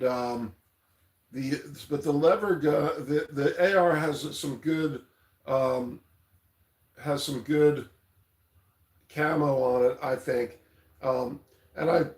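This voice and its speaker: Speaking slowly in a slightly high, darkish voice, a man runs a laid-back livestream. He drifts from topic to topic, reads messages from chat and curses offhandedly. The audio comes from a tablet mic in an echoey space.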